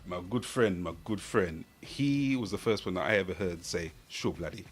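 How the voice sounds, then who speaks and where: A man's voice: low voice, lively intonation, moderate pace, a little hiss or hum. A man co-hosting a podcast in casual chat, laid-back and often laughing. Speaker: podcast co-host.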